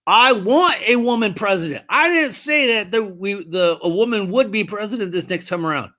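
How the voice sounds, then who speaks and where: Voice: medium pitch, expressive, normal speed, fairly bright tone. Blunt, swearing livestream host. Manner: blunt, swears casually, argues with chat; rambling, self-correcting, thinks aloud. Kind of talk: casual livestream chat, answering viewers' comments.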